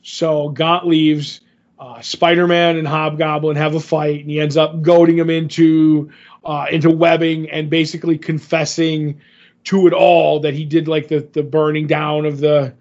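A man's voice: on the high side, little pitch movement, normal speed, darkish tone. Rambling man recapping comics, lo-fi. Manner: rambling recap with many fillers, acts out quotes. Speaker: podcast co-host recapping comics. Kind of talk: casual chat. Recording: dull lo-fi audio.

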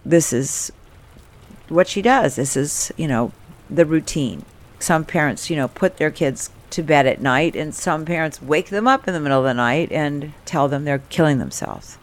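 A woman's voice: low-pitched, expressive, a little slow. A woman telling a first-person story from her childhood in a candid, wry, conversational way.

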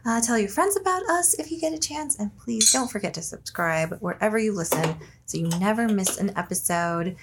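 A woman's voice: medium pitch, animated, fairly quick, hardly any pauses, slight background noise. A woman co-hosting a podcast from home, chatting loosely, swearing freely and reading her sponsor and show credits. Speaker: podcast co-host. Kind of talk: casual chat with ad reads.

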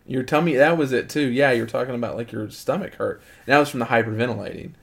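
Chatty middle-aged dad. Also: male voice, mid-range voice, fast talker, creaky. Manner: relaxed, chatty, heavy use of "like". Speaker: father and show co-host. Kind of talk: casual family chat.

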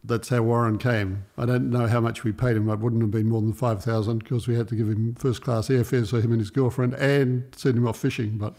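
A man from New Zealand, a film director and producer, telling lively stories in an interview and acting out other people's lines. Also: mid-range voice, brisk, hardly any pauses. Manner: animated anecdotes, acts out other people's lines. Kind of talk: interview storytelling.

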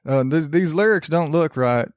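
A man's voice: fairly high pitch, normal speed, dry recording, lightly acted. A man voicing a clueless male church printer with a put-on American Southern drawl. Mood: puzzled.

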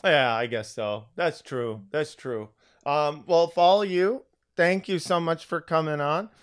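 A man's voice: on the high side, measured pace, clean tone. Tired, rambling male podcast host. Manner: rambling, hesitant, lots of fillers. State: tired, with allergies. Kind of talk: casual podcast chat.

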